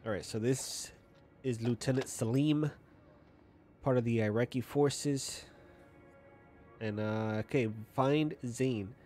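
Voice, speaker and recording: A man's voice: medium pitch, takes it slowly, long pauses, darkish tone, soft background music. A man casually commenting while playing a game in a small apartment at night, chatty and often stumbling as he reads text aloud. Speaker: gaming YouTuber. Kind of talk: casual let's-play commentary.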